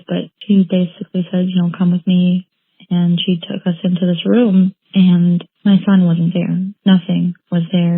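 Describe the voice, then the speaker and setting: A woman telling her own painful story as an interviewee, halting and repeating phrases as she recounts what happened. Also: lowish voice, slightly rough, dry recording. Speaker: interviewee, bereaved mother. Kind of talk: emotional personal account. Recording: tinny phone-like line, dry.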